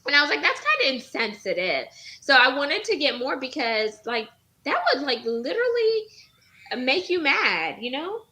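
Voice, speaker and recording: A woman's voice: high-pitched, sing-song, normal speed, pushed and bright, low-quality recording. A woman, a podcast guest chatting on a video call, telling a story animatedly with many fillers. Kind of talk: casual chat.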